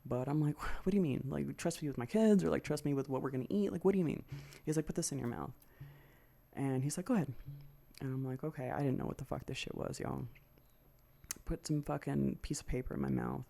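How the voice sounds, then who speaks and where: Middle-aged female podcast host, frank and profane storyteller, gravelly low tone. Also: brisk, mellow. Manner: frank and profane, acts out her own past thoughts. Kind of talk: candid personal storytelling.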